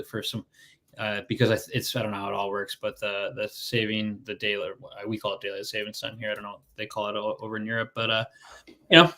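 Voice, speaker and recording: Rambling low-voiced male co-host. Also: a bit bright. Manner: rambling, hesitant, many fillers. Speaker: podcast co-host. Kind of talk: casual chat.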